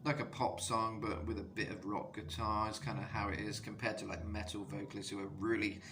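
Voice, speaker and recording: A man's voice: lowish voice, a little fast. A man giving a casual vocal analysis lesson as a coach, rambling with lots of fillers. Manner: rambling, filler-heavy, bursts into sung demos. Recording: steady background noise.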